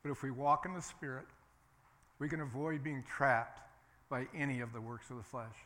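A man's voice: mid-range voice, steady tone, normal speed, fairly bright tone. A man preaching a sermon as pastor, emphatic and repetitive, leading the congregation to say lines with him. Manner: emphatic, repeats phrases, calls for congregation responses.

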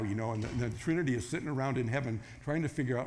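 A man's voice: mid-range voice, rapid-fire, hardly any pauses, slight background noise. A man preaching a sermon, telling a story casually and acting out the voices in it. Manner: storytelling, acts out quoted voices with rising excitement. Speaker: pastor.

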